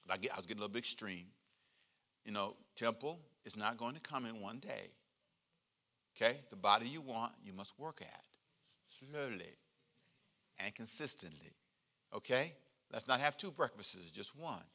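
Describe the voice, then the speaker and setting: Forceful, bright-voiced male pastor. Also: mid-range voice. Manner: joking, animated, leads call-and-response. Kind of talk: conversational sermon.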